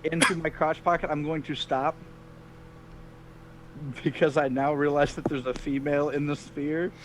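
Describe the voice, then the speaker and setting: Guy player kinda sheepish, narrating what his character does, bit high voice. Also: level tone, normal speed, background noise. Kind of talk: casual tabletop game chat.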